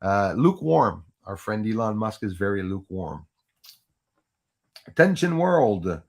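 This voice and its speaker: A man's voice: on the low side, animated, moderate pace, vocal fry. A man hosting a live stream in a rambling, casual way, often restarting and laughing at his own jokes, into a USB microphone at home. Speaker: livestream host. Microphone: Yeti USB microphone.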